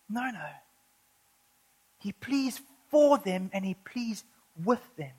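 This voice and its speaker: A woman preaching a sermon, earnest, building to urgent emphasis and slowing down when reading scripture. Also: fairly high pitch, lively intonation, husky, poor audio.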